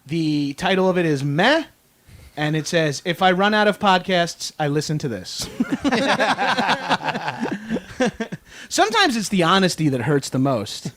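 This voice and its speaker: A podcast host in his thirties with a Long Island accent reads out listener roasts. His voice sits fairly high for a man. He is self-mocking and mock-indignant, laughing often. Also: very animated, slow, pauses often, fairly bright tone. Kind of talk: reading listener reviews aloud, casual chat.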